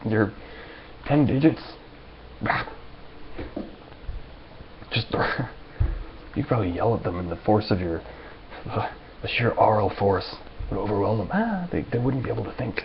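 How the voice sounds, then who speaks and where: A low, gravelly male voice rambles on in an animated monologue to camera, stumbling over restarts. The recording is dull and lo-fi, with a faint hiss underneath. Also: moderate pace, long pauses. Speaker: vlogger.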